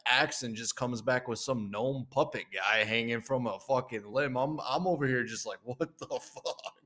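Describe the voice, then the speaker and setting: Male tabletop player, mid-pitched, baffled and profane. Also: normal speed, sharp tone. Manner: bewildered, swearing storyteller. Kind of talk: tabletop game play, casual.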